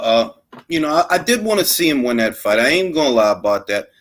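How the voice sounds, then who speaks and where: Animated, slangy man ranting about boxing. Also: medium pitch. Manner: animated, rambling and profane, full of fillers and slang. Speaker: host of a late-night boxing talk stream. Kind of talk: casual unscripted commentary.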